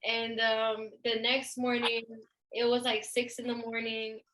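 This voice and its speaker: Bright-voiced young woman telling a story. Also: on the high side, completely flat delivery, a little slow, slight background noise, rough recording. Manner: storytelling, acts out quoted voices. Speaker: podcast co-host. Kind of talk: casual chat.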